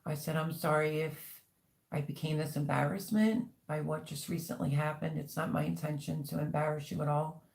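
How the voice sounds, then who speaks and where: A middle-aged woman hosts a casual livestream, rambling as she chats and reads out viewer comments, with many ums along the way. Her low-pitched voice is gravelly and darkish, with a steady tone at a moderate pace.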